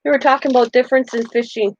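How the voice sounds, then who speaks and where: A woman's voice: fairly high pitch, fairly even intonation, very fast, lo-fi sound. An older woman chatting casually on her live craft stream, laughing often and acting out quoted voices. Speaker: craft channel host.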